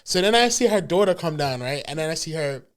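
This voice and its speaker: Male podcast co-host, slightly higher voice, loose slangy storyteller who laughs easily. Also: fast talker, a crowd in the background. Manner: animated, laughing, slangy storytelling with acted-out quotes. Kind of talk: casual storytelling chat.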